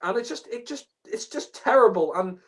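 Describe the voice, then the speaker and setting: A man's voice: very high voice, lively intonation, moderate pace. A man giving a casual spoken review rant, exasperated and profane, laughing often and using many fillers.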